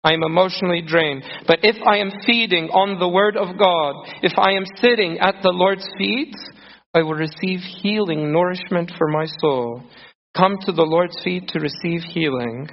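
A man's voice: fairly high pitch, normal speed, gravelly. A man preaching a sermon earnestly, acting out scripture quotes with feeling. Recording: muffled sound in a reverberant hall.

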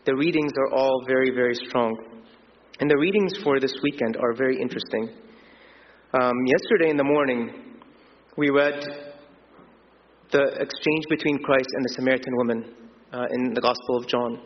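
An earnest man delivers a sermon from a church, pausing on fillers and restarting phrases. His voice rings out with a long reverb through the hall. The recording sounds dull and muffled, with a faint hiss underneath. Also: mid-range voice, steady tone. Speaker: preacher.

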